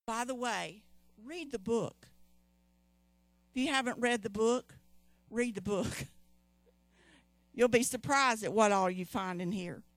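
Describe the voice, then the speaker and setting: A woman's voice: a little high, slow, pauses often, dry recording, soft background music. A woman preaching a sermon, emphatic and repeating key phrases, calling on the congregation to respond.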